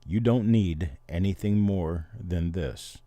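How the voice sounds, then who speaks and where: A middle-aged man hosts a casual livestream, explaining things to viewers in an easy, chatty way. His voice sits very low and sounds mellow and dark. The sound is dry and close, with no room echo. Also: slow pace. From Missouri, Oklahoma and Memphis, Tennessee. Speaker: livestream host.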